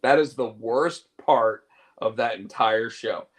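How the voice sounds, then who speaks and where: A man's voice: medium pitch, takes it slowly. A man hosting a casual chat show, chatty and jokey, often mimicking actors' lines. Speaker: host.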